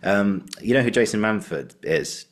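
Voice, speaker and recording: A man's voice: fairly low pitch, animated, normal speed. A man hosting a podcast, chatting casually and telling anecdotes with acted-out quotes. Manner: chatty storyteller, acts out quoted voices. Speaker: podcast host.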